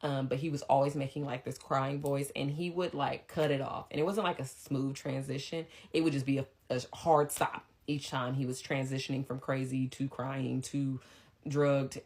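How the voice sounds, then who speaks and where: A young woman telling a story in a casual, blunt, slangy way, with quick asides. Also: a bass voice, level tone, darkish tone.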